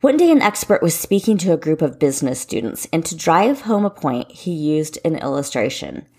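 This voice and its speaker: A woman's voice: sits low, big pitch swings, normal speed, a little mellow, breathy edge. A woman in her forties hosting a solo podcast, giving running tips in a direct, encouraging way. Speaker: podcast host and running coach.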